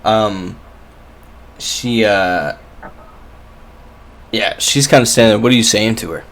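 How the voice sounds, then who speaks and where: A man running a tabletop game as game master, lively, with many fillers. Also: lowish voice, slow.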